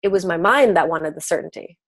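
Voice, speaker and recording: Woman, 30s, podcast guest; lowish voice, chatty, acts out inner voices; dry close sound. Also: expressive, a little fast, no room sound. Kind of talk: casual spiritual conversation.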